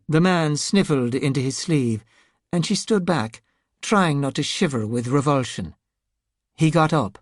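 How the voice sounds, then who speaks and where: A woman reading an audiobook in a steady, measured narration. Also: a bass voice, no echo, studio quality. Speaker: audiobook reader. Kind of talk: scripted narration.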